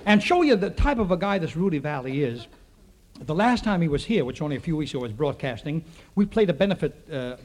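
A male comedian spins a rambling anecdote, firing off punchlines and turning to the audience with asides. His voice sits a little high for a man, with a faint hiss of noise under it. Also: a little mellow. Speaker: comedian telling stories to a live audience. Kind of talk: comic storytelling monologue.

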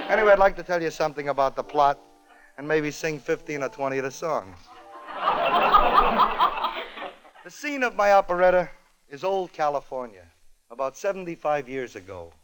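A man's voice: a little high, sing-song, measured pace, long pauses, over loud music, rough recording. A man hosting a comedy show, telling a comic story in a wry, joke-timed way. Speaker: comedy radio host.

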